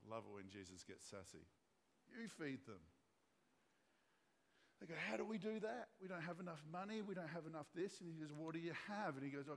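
A man preaching a sermon as pastor, retelling a story and acting out the voices of its characters. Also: on the high side. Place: church hall. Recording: long church hall reverb.

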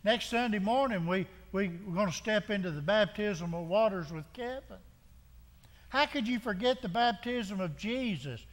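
A man preaches as pastor in a church sanctuary, hammering his message with repeated rhetorical questions and frequent restarts. His voice sits high and sounds animated at a normal speed, with a big-room sound.

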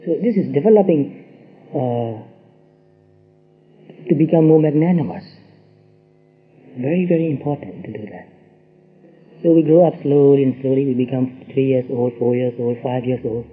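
A man with a Burmese accent giving a dharma talk in English as a monk, with gentle, repetitive phrasing and soft pauses. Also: mid-range voice. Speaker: monk teacher. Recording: tinny phone-like old tape.

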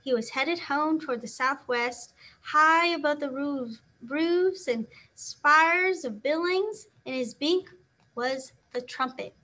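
A woman teacher reads a children's novel aloud with an expressive delivery, acting out the sound words. Her voice is high and bright. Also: slow.

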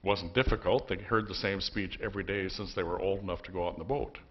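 Low-voiced pastor telling a story. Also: male voice, steady tone, fast talker, husky, muffled recording. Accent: Upper Midwest American. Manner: folksy, wry storytelling. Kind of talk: storytelling sermon. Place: church sanctuary.

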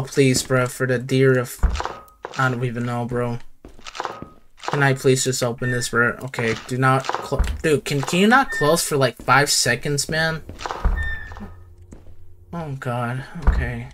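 A man's voice: mid-range voice, fairly even intonation, unhurried, pauses often, a bit bright, slight background noise. A man playing a horror game on his channel, scared and jittery, repeating the same words over and over and calling everyone "bro". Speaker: gaming youtuber.

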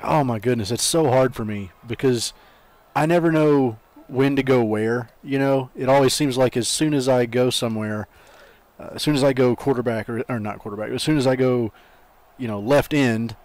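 A man's voice: medium pitch, normal speed, a little mellow, no room sound. A man giving casual, rambling commentary while playing a video game, hyping up his team with trash talk. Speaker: let's play gamer.

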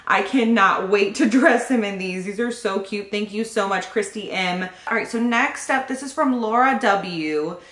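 A woman's voice: medium pitch, normal speed, few pauses, a bit bright. Giggly woman gushing over gifts. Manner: giggly, gushing, often laughing. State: pregnant. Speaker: YouTube vlogger. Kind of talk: casual unboxing chat. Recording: roomy echo.

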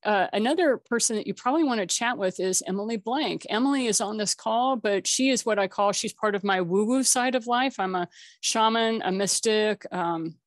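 A woman's voice: mid-range voice, moderate pace, dry recording, studio quality. A woman hosting a casual online networking call, chatty and jokey, laughing often. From Colorado. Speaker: host.

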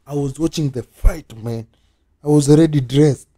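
In this vlog, an exasperated man reacts with a rant, cycling through the same phrases again and again. He speaks at a moderate pace in a mellow, slightly high voice.

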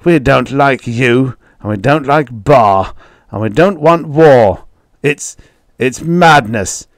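A man's voice: mid-range voice, expressive, slow pace, no room sound, clean studio sound, pitched above the performer's own voice. A man reading an audiobook voices a blunt middle-aged male farmer who is a little drunk and speaks defiantly. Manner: loud, defiant, slurring.

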